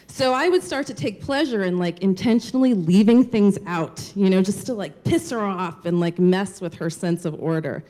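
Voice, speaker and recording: On stage at a live storytelling show, a woman shares a personal story in a candid, casual way, cursing freely and saying "like" constantly. Her voice is mellow and medium-pitched, moving at a moderate pace with few pauses.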